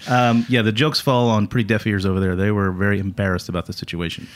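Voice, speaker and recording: A man hosting a podcast, telling stories in a casual chat with a co-host, chuckling and trailing off low at the ends of lines. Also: fairly even intonation, fast. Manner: storytelling, chuckling, drops to a low mumble at line ends.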